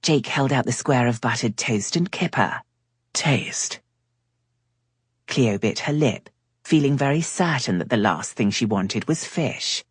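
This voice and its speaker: Brief: female audiobook narrator, deep and husky, dry close recording. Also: no echo. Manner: measured, even storytelling. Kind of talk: scripted narration.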